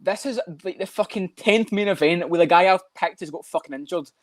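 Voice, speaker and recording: A man talking fast and loose on a podcast, swearing often and breaking into mock voices for laughs. His voice sits a little high and sounds close and dry, with no room around it. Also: no echo. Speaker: podcast co-host. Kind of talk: casual chat.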